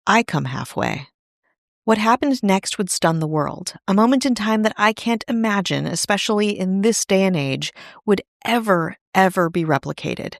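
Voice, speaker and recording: A woman narrates a history story for a podcast in a scripted read, dropping in conversational asides. Her pitch sits at a middle level, and the studio sound is very dry and close. The delivery is steady, plain storytelling. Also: moderate pace, gravelly, hardly any pauses, dry recording. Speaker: podcast host.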